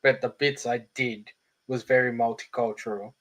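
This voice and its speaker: A man's voice: medium pitch, fairly even intonation, normal speed, fairly bright tone. A man in a casual chat, making dry, understated remarks. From Australia.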